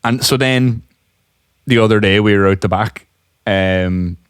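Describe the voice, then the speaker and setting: A young man co-hosting a podcast, telling a story in casual chat, animated and laughing often. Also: fairly low pitch, unhurried, clean tone, dry recording, clean studio sound. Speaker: podcast co-host.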